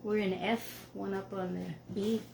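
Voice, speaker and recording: A tired woman from Canada, chatting casually between songs as host of a music show, laughing easily and sometimes hushing her voice. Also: medium pitch, little pitch movement, moderate pace, vocal fry, noisy background. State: tired from lack of sleep. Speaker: musician hosting a live show.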